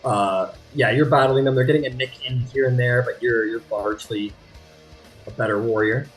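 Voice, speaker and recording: A man narrating as game master of a tabletop game, chatty and quick to apologize. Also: mid-range voice. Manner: lively, chatty, apologetic asides. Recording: faint guitar music behind.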